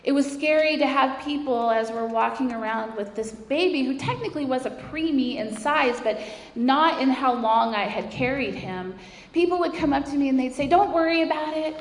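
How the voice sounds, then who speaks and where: A woman's voice: sits high, normal speed. A woman giving an earnest, emotional faith testimony as a mother, building her points through repeated phrases. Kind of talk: personal faith testimony speech. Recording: echoey hall reverb.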